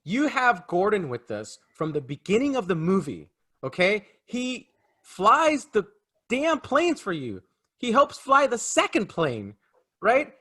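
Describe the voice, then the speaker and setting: A man's voice: high-pitched, wildly swooping pitch, a little slow, bright, forceful tone, breathy edge. A man co-hosting a casual film review podcast, ranting emphatically about a movie. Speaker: podcast co-host.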